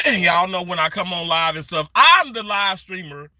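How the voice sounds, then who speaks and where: Bright-voiced man chatting on a live stream. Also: sits high, sing-song, unhurried, dry recording. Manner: chatty, greets viewers by name, rambling. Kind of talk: casual live stream chat. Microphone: phone held vertically.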